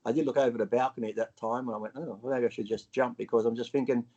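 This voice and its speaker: A man's voice: medium pitch, steady tone, quick pace, darkish tone, lo-fi sound. An Australian man as an interview guest, telling a personal story bluntly and with swearing, acting out his own past lines.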